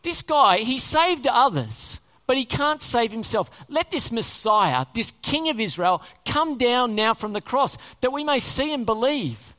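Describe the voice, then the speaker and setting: A preacher voicing the mocking chief priests, jeering loudly and scornfully. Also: mid-range voice, very animated, a little slow, few pauses.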